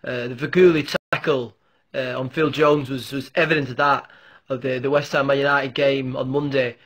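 A man's voice: medium pitch, steady tone, normal speed, a bit bright, lightly acted. A man doing a blunt, grumbling football pundit. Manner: complaining, blunt, swearing.

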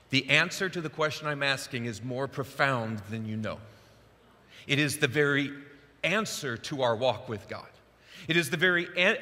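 A male pastor preaching a sermon in a church, telling the Bible story in a lively way. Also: medium pitch. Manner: animated storytelling, acts out Bible quotes. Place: church sanctuary. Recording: long reverb of a large church hall.

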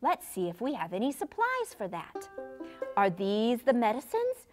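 A woman's voice: on the high side, huge pitch swings, normal speed, darkish tone, soft background music. A woman voicing a mother playing along with her child in a puppet show, mild and playful.

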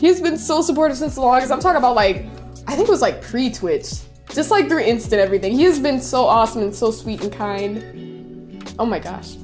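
Young woman streamer, high voice, bouncy intonation, gushing, faint music behind. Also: expressive, brisk, a little mellow. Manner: bubbly, gushing, squeals and laughs. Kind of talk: casual livestream chat, reading viewer messages.

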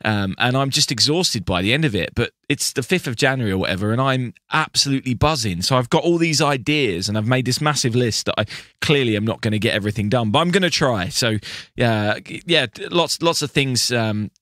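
British man, casual podcast co-host, chatty, bright tone. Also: medium pitch, lively intonation, a little fast, no room sound, clean studio sound. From Britain. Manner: chatty, with many restarts. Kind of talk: casual chat.

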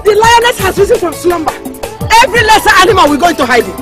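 A woman's voice: extremely high pitch, very animated, racing. A raging lioness village mother. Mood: furious. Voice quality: menacing, accusing, dramatic. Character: vengeful village mother, calls herself a lioness. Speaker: mother searching for her daughter. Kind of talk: Nollywood film acting. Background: film score music.

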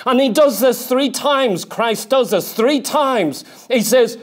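A man's voice: extremely high pitch, a little slow, few pauses. A man preaching a sermon in church, earnest and emphatic, repeating his key points and reading scripture aloud. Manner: reads scripture aloud in King James wording.

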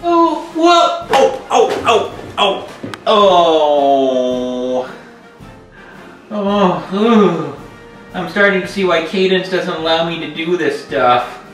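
A woman voicing a flustered male pony prince, stammering and excitable in a toy skit. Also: lowish voice, normal speed, close to an everyday voice. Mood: playful. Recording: roomy echo, faint music.

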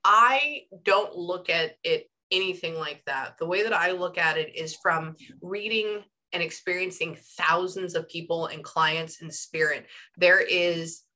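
A woman's voice: fairly low pitch, a little slow, few pauses, pushed and bright. A woman astrologer and psychic reader giving a casual one-on-one session over a video call, chatty and rambling with lots of "like". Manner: chatty and rambling, heavy use of "like". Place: home room. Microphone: headphones on a video call.

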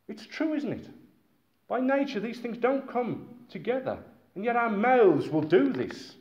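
British man, preacher, lively sermon, bouncing intonation, roomy muffled recording. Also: very high-pitched, a little slow. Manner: animated, conversational preaching with asides. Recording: echoey, dull-sounding hall recording.

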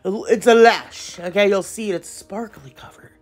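A woman's voice: mid-range voice, normal speed, slightly rough. A woman nail tech, chatting playfully through a casual voiceover tutorial in slangy talk.

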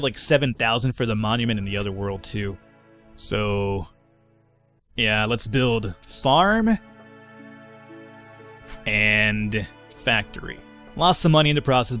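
A man giving casual commentary on a strategy game, quick to get frustrated and swearing often. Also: medium pitch, fairly bright tone. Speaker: let's play gamer.

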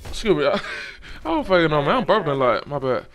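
A young man giving loose, profane, excitable commentary while playing a game. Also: a little high, fast talker, a crowd in the background. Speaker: gamer. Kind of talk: casual gameplay commentary.

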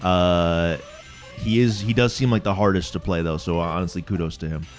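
A man's voice: deep voice, steady tone, moderate pace, faint music behind. A young man co-hosting a let's play, chatting casually with loose, profane banter and frequent restarts. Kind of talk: casual gaming commentary.

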